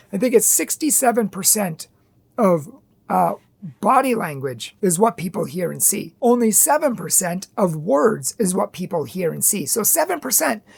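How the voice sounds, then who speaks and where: A woman's voice: medium pitch, vocal fry, breathy edge. A woman hosting a video on parenting and faith, talking earnestly and emphatically, often stacking short repeated phrases. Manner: earnest, emphatic, repetitive lists. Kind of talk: direct-to-camera advice monologue.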